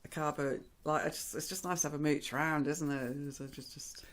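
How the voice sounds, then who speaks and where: A woman's voice: low voice, steady tone, brisk. A woman, chatting in a down-to-earth, casual way. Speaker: vlogger's wife. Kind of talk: casual chat.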